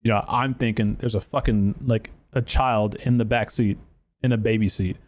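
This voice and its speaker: Male podcast host, swears freely, rambling animated storytelling. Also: fairly low pitch, normal speed. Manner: profane, animated storytelling with acted quotes; lots of fillers and restarts. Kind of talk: casual storytelling.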